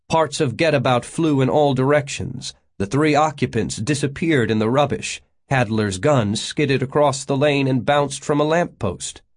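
Male audiobook narrator, steady measured reading, mid pitch.

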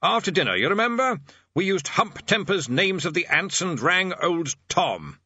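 A man voicing a weary, exasperated male wizard bursar who speaks loudly. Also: fairly high pitch, big pitch swings, moderate pace, dry recording, lo-fi sound, pitched above the performer's own voice, heavily acted. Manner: loud, weary.

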